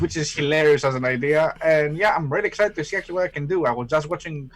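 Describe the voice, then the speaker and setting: A man introducing himself as a player, excited and laughing. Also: on the high side, fast, hardly any pauses.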